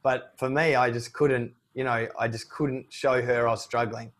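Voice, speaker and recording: A man in his thirties talking openly and reflectively about his own life, with a middling pitch. His delivery turns lively when he acts out his own past words. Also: normal speed. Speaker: guest. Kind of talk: candid personal conversation.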